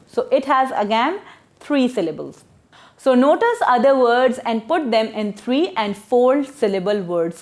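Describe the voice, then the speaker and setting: A woman teaches a textbook lesson in a slightly high voice. Her pitch moves a great deal as she explains, and she slows down to sound out words syllable by syllable.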